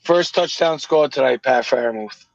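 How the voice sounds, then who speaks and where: A man co-hosting a casual sports podcast, talking in halting phrases and often repeating his words. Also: medium pitch, vocal fry, dry recording, highs cut off. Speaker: podcast co-host.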